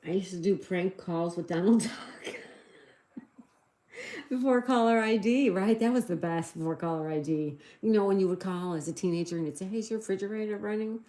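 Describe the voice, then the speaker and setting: On a casual livestream, a middle-aged woman host talks fairly quickly in a medium-pitched voice with a dark tone. She's chatty and giggly, reading out chat messages, and the audio is reverberant.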